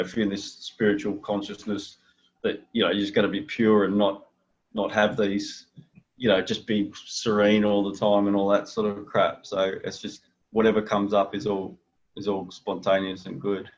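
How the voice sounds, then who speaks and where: A man's voice: on the low side, little pitch movement, normal speed, lo-fi sound. A man taking part in a spiritual group discussion, agreeable and rambling with fillers. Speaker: participant. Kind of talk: casual discussion.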